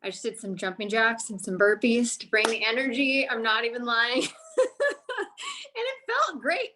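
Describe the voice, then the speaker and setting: Upbeat female motivational speaker, high voice, slightly winded, coaching tone, peppered with "okay?". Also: steady tone, fairly quick, background noise. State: out of breath. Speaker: guest speaker on a sales team call. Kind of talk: energetic motivational talk.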